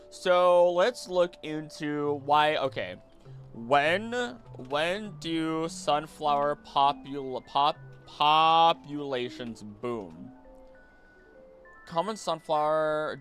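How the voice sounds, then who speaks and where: On a stream, a young man with a fairly high voice chats casually into a desk mic, rambling excitedly, hopping between topics and frequently restarting sentences.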